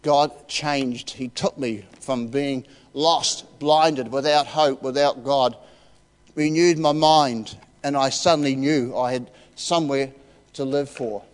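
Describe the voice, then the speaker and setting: A man's voice: mid-range voice, steady tone, slow pace. Older New man preaching in a hall. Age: 60s. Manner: heartfelt, emotional, emphatic. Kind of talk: personal testimony sermon. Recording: reverberant church hall.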